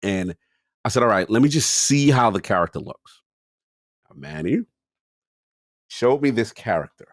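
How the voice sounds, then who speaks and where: A man's voice: lowish voice, animated, a little slow, pauses often, dry recording. A man co-hosting a podcast, telling a gaming story in casual chat and acting out his own reactions. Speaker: podcast co-host.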